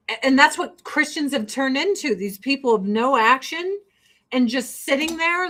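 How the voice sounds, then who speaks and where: Fired-up woman doing her makeup, swears a lot, blunt, bit high voice. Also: expressive, moderate pace, bright, forceful tone. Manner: blunt, profane, fired-up ranting. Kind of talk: casual get-ready-with-me rant.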